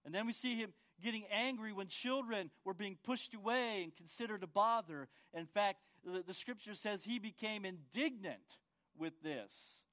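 High-voiced male pastor preaching. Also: moderate pace, sharp tone. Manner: asks the congregation for agreement with tag questions; repeats words and restarts with uh. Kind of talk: sermon.

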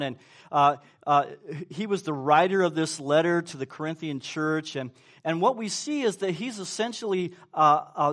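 A man's voice: sits high, a bit bright. A man preaching a sermon as pastor, emphatic and repetitive, asking the congregation for responses.

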